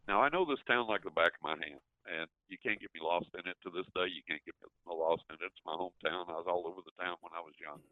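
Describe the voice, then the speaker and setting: An older man, telling an animated story as an interview guest and acting out his own reactions. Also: low-pitched, fast, hardly any pauses, no echo. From West Texas. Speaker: guest, psychic. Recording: dry, tinny phone line.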